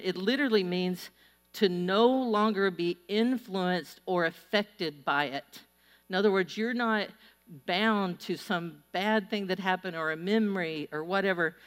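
A woman pastor giving a sermon to a large congregation, telling stories in a lively, conversational way. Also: fairly low pitch, measured pace. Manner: storytelling, animated and conversational. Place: church auditorium before a large crowd. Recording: long reverb of a large hall.

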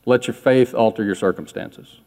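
A pastor preaching a sermon in a candid, self-deprecating, conversational way to a church congregation. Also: male voice, medium pitch, normal speed, darkish tone, long reverb tail.

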